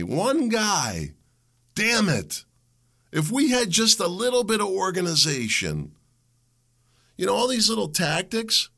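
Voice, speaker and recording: A middle-aged man, hosting a solo show and ranting in a heated, combative way that climbs into shouts. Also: on the high side, creaky. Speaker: podcast host. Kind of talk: opinionated solo monologue.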